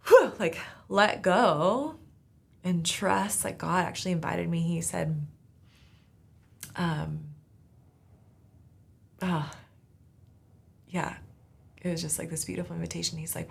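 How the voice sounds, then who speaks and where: A woman talks through her faith story with casual, earnest warmth and keeps reaching for "like" as she thinks aloud. Her voice sits low with a gravelly, creaky texture. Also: slow pace, pauses often. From Southern California. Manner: casual, earnest, many "like" fillers. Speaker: podcast host. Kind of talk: faith testimony talk.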